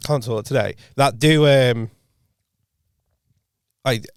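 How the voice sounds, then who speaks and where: A man's voice: medium pitch, takes it slowly, smooth, no echo, studio quality. A young man, co-hosting a podcast and telling a rambling story full of restarts and acted-out quotes. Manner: rambling, many restarts, acts out quoted voices. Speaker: podcast co-host. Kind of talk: casual storytelling chat.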